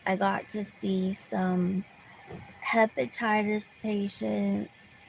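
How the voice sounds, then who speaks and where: A woman's voice: medium pitch, little pitch movement, extremely slow, creaky, a little hiss or hum, rough recording. A woman telling a rambling story to her viewers from her car, often restarting her sentences and sometimes dropping to a whisper. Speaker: vlogger. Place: car in a parking lot.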